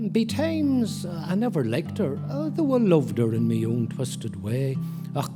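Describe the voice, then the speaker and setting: Tyrone man reciting in broad dialect. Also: medium pitch. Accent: Northern Irish, Tyrone. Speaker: poet and musician guest.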